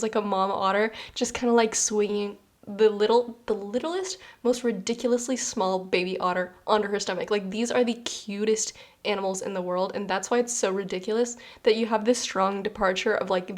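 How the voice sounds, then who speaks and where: Chatty young woman reading tarot. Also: mid-range voice. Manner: chatty and animated, many "like" fillers, laughs easily. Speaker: tarot reader. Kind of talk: casual pick-a-card tarot reading.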